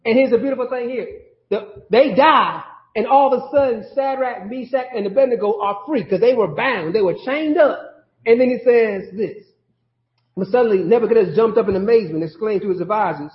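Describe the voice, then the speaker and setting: A man preaching a sermon in a conversational style, pausing for call-outs from the congregation. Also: sits high. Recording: roomy, dull lo-fi sermon audio.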